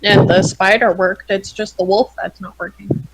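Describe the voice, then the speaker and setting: A woman playing in a tabletop game over voice chat, unhurried and matter-of-fact. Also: mid-range voice, steady tone, breathy edge, low-quality recording. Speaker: player.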